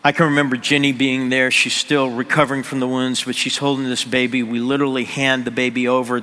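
Male pastor, sermon storyteller, forceful tone, echoing church hall. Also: medium pitch. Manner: drops to near-whisper on emotional moments. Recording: long hall reverb.

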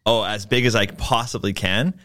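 A man's voice: fairly low pitch, fairly even intonation, normal speed, bright, forceful tone. A man who is a magician, guesting on a podcast, laughing easily and restarting his sentences as he talks. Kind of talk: casual podcast chat.

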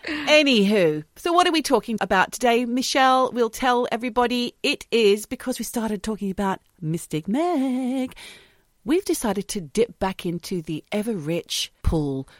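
A woman's voice: a little high, expressive, normal speed, dry recording. Dry, chatty woman podcaster. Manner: chatty storyteller, dry teasing. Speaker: podcast co-host. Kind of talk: casual chat.

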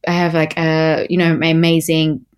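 A woman's voice: sits low, completely flat delivery, normal speed, clean tone. A young Australian woman from Melbourne, chatting as an interview guest with lots of fillers and restarts. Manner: chatty, many fillers and restarts, laughs easily. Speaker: guest, model. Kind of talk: casual interview chat.

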